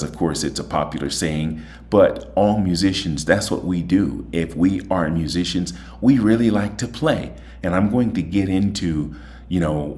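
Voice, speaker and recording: A man hosting a casual talk show, chatty and folksy, his voice a little tired. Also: low-pitched. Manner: chatty, folksy, repeats "okay?". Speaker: host. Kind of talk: casual monologue and phone chat.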